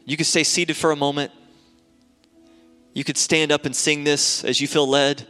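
A man's voice: on the high side, little pitch movement, moderate pace, pushed and bright, clean tone, soft background music. A man preaching a sermon as a pastor, earnest and repetitive, building to fervent prayer. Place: church sanctuary. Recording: long hall reverb in a church.

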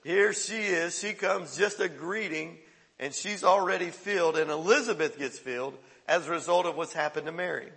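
High, bright-voiced preacher in a reverberant hall. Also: male voice, normal speed, creaky. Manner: lively preaching with bursts of excitement. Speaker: pastor. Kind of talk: sermon.

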